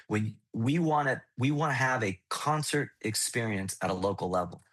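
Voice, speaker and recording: An American man, a musician, talking in a casual podcast chat, animated, swearing freely and restarting often. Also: medium pitch, moderate pace. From United States. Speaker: guest musician.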